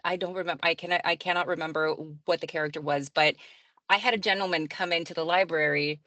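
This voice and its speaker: A woman's voice: fairly low pitch, steady tone, fast, pushed and bright, no echo. A woman who narrates audiobooks and works as a librarian, answering interview questions in a chatty way, often laughing and using fillers.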